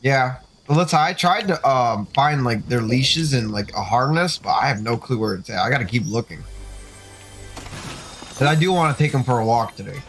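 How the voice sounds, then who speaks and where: A man's voice: medium pitch, animated, moderate pace, a bit bright, soft background music. A man streaming a game from home with his young son, in laid-back, casual chatter full of "dude". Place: home gaming setup.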